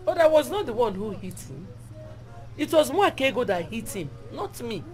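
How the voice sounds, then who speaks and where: A woman's voice: fairly high pitch, big pitch swings, normal speed. A middle-aged actress with a Nigerian accent playing a quarrelsome mother who sounds defensive and sulky. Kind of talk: film drama acting. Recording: film audio with music behind.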